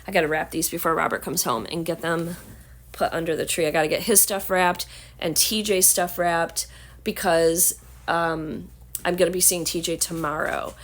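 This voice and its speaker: A woman with a Southern American accent and a hoarse, scratchy voice, chatting casually and rambling to her camera at home. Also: on the low side, fairly even intonation, moderate pace. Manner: chatty, rambling with many fillers. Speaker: vlogger. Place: home, indoors.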